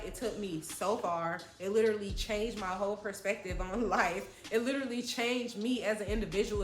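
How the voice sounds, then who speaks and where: A young woman telling a dramatic, slangy story from her childhood in a vlog. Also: mid-range voice. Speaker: vlogger. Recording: echoey room with faint music.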